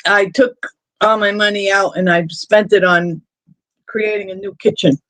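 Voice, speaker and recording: Live stream host, male, high voice, dry close sound, rambling anecdotal talker. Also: fairly even intonation, moderate pace, bright, forceful tone, no room sound. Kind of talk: casual chat on a live stream.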